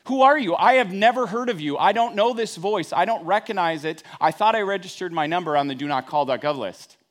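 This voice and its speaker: A man's voice: expressive, a little fast. A man playing a startled, indignant figure who protests that he does not know the voice calling him. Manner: high, loud and incredulous. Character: flustered indignant man fielding a mystery call.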